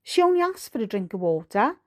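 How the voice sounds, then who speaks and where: A woman's voice: fairly high pitch, sing-song. A woman with a Welsh accent voicing an embarrassed, impatient boy in an audiobook reading. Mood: flustered. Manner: hurried, impatient.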